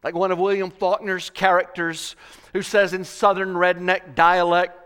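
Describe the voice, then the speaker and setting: A man preaching a sermon, slow and dramatic, swelling loud and then dropping to a hush. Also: high-pitched, little pitch movement, clear, resonant tone.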